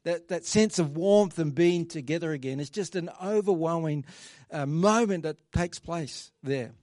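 A man's voice: fairly high pitch, measured pace, a little mellow, dry recording. A male pastor giving a sermon in a conversational way, reading scripture aloud, praying, and acting out quoted voices along the way.

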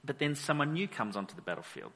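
A pastor preaching a sermon, telling the story with animated energy and acting out the characters. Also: male voice, medium pitch, quick pace, in a large hall. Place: church hall.

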